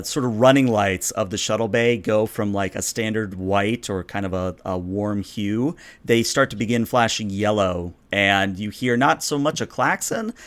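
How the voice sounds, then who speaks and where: A man narrating as game master of a tabletop role-playing game. He describes the scene in an easygoing, unhurried way, often pausing on fillers. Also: lowish voice, clean tone. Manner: relaxed and descriptive, with hesitant fillers.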